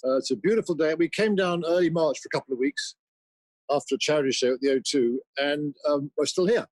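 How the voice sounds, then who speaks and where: A man, a musician guest, chatting in a relaxed, anecdotal way. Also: a little high, fast, no room sound, rough recording. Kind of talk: casual interview chat.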